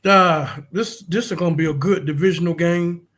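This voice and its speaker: A man co-hosting a sports podcast, giving casual analysis in a thoughtful, halting way with many fillers. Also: fairly high pitch, fairly even intonation, a bit bright. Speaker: podcast co-host.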